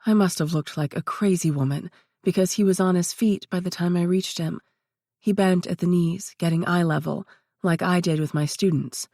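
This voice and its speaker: A woman narrating a first-person audiobook in a steady, even reading voice. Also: fairly low pitch, moderate pace, dry recording, clean studio sound.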